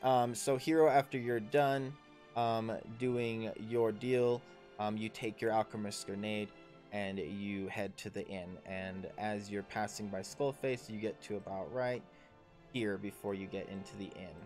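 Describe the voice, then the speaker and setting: A young man narrating as dungeon master, rambling and halting with many fillers. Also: lowish voice, steady tone, a little mellow, faint music behind. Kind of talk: narrating a tabletop game.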